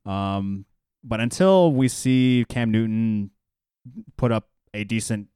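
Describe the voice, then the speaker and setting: A man with a low-pitched, smooth voice rambles through a casual sports chat, stopping and restarting his sentences. He sounds close to the mic in a dry room. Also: slow, warm tone, dry recording. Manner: loose and rambling, many fillers and restarts. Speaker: podcast co-host. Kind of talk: casual fantasy football chat.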